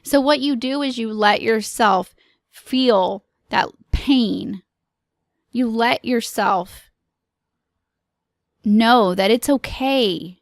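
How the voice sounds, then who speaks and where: A woman hosting a podcast, giving an earnest, encouraging motivational talk in slow, deliberate phrases. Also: a little high, no echo, clean studio sound. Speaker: podcast host.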